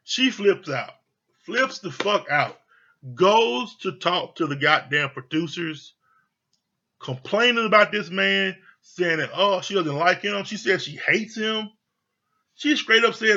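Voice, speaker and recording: A man's voice: high voice, expressive, slow, bright, forceful tone, lo-fi sound. A man giving a casual, profanity-laced review of a TV show, blunt, exasperated and mocking.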